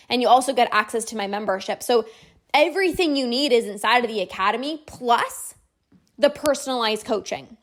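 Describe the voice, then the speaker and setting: A binge-eating coach who hosts her own podcast promotes her program in a monologue full of bright enthusiasm and frequent "like" fillers. Her voice is a bit higher than most women's, and she comes across as persuasive and casual rather than scripted.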